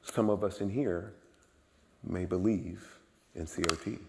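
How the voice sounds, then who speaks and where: A man preaching a sermon in a church, emphatic and repetitive, swinging from low murmurs to loud exclamations. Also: steady tone, unhurried, creaky, in a large hall, a little hiss or hum. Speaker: guest preacher. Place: church sanctuary.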